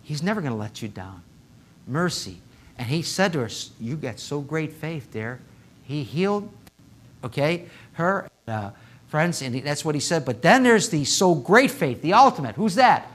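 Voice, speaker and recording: Animated man preaching a sermon. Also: fairly high pitch, normal speed. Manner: animated, rising loud when excited, conversational asides to congregation. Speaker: pastor. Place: church sanctuary.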